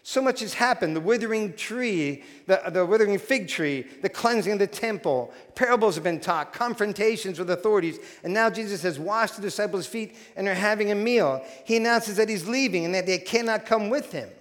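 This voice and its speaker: High-voiced pastor preaching in an echoing hall. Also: male voice, fairly quick, few pauses. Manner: animated storytelling with frequent restarts. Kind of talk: sermon. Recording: long hall reverb.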